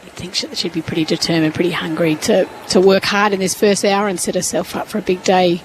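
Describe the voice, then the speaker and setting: A woman's voice: fairly low pitch, steady tone, a little fast, slight background noise, low-quality recording. A woman giving thoughtful, analytical cricket commentary from a ground's commentary box.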